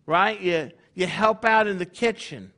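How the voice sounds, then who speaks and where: A man's voice: high-pitched, a little slow, sharp tone. A man leading his congregation in a conversational sermon, full of rhetorical questions. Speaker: congregation leader.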